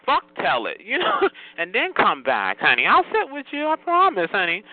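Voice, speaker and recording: A man's voice: high-pitched, huge pitch swings, moderate pace, few pauses, phone-quality sound, slight background noise. A man hosting a phone chat line, scolding callers in a sassy way and calling everyone honey.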